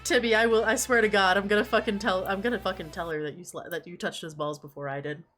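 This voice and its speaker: A woman's voice: medium pitch, fairly even intonation, fast talker, a bit bright. A woman streamer chatting casually and animatedly, laughing often and swearing freely.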